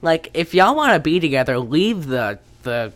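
A young woman with a lowish voice chats loosely about a movie, swearing freely and slipping into quoted lines. Her pitch swings widely as she tells it. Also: big pitch swings, normal speed. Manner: rambling, profane, acts out quotes. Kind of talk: casual chat recapping a movie.

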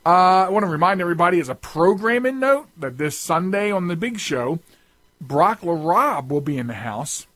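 Male talk radio host, fairly high voice, rambling chatter, very dry close sound. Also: sing-song, normal speed, fairly bright tone, no echo. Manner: rambling, with frequent restarts and asides. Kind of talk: casual radio talk show chat.

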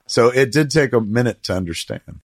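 A man's voice: mid-range voice, fairly quick. A middle-aged man telling stories in casual chat as a podcast host, rambling and swearing, acting out what others said. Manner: profane, rambling storytelling with lively quoted voices.

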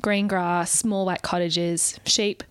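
A woman's voice: on the low side, flat delivery, takes it slowly, clear, resonant tone, no room sound. A woman co-hosting a podcast, telling a story in a chatty way and laughing often. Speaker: podcast co-host. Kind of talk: casual chat.

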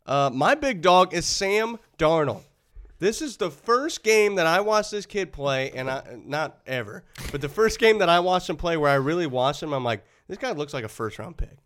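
A man co-hosting a casual sports chat, ranting heatedly about players and teams. His voice sits a bit high and bright, and it swings widely in pitch as he gets worked up. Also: normal speed. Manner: animated, heated ranting with laughs. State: runny nose. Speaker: podcast co-host.

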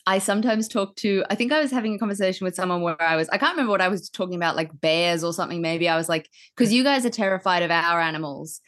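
A woman's voice: on the low side, quick pace, hardly any pauses, a bit bright. Chatty Australian woman. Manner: chatty, laughing, playful rants. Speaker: podcast comedian. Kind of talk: casual chat.

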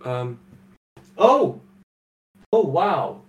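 A man with a fairly high voice asks interview questions slowly in a mock interview. He fumbles through his sentences, and the ums pile up. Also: sing-song, muffled recording. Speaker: interviewer in a comedy sketch.

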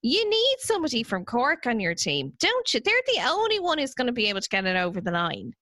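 An Irish woman hosting a podcast, chatting casually and telling stories with an animated, giggly manner. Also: fairly high pitch, fast, no room sound. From Ireland. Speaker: podcast host.

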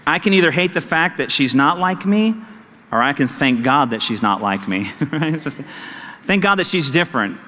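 A man preaching a sermon as pastor, animated and acting out conversations with his wife. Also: on the high side, normal speed, long reverb tail, a little hiss or hum.

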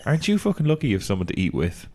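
A man's voice: mid-range voice, very animated, very fast, darkish tone. A young man co-hosting a podcast, chatting bluntly and joking. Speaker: podcast co-host. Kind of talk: casual chat.

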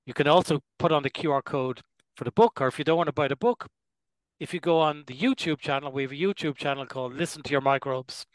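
An older man, a gastroenterologist, giving measured, explanatory interview answers and clearing his throat now and then. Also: on the high side, dry recording, poor audio. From Ireland. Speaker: gastroenterologist guest.

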